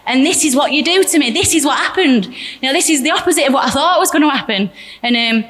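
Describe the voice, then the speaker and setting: A woman's voice: high voice, animated, fast talker, fairly bright tone. A young woman giving a candid, chatty personal testimony in church, often laughing. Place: church hall. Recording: echoey church hall reverb.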